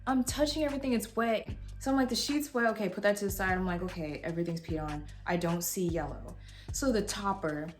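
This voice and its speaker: A young woman vlogger casually telling a story at home, animated and swearing freely as she acts out what people said. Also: medium pitch, a little fast, faint music behind. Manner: animated, swears freely, voices others in quotes. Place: home room with a heater.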